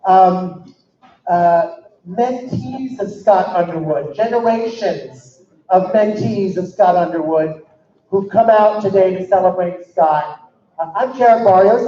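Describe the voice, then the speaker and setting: A man giving a cheerful, joking welcome speech to a crowd at an indoor event. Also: high-pitched. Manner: upbeat, joking. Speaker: regional chief executive welcoming guests. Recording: echoey, dull hall recording from far off.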